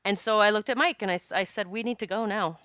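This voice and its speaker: A woman hosting a podcast, telling a personal story in a frank, animated way, swearing and laughing as she goes. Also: mid-range voice, fast talker, dry recording, clean studio sound. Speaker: podcast host.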